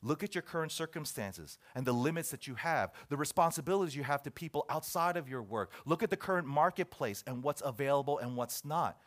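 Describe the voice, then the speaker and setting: A man's voice: on the high side, lively intonation, a little fast, hardly any pauses. A man preaching a sermon, reading a list aloud and joking with his listeners. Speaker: pastor.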